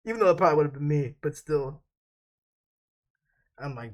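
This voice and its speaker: A man's voice: on the high side, expressive, moderate pace, long pauses. Rambling, profane young man telling stories. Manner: rambling, profane, laughs often. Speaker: vlogger. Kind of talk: casual storytelling.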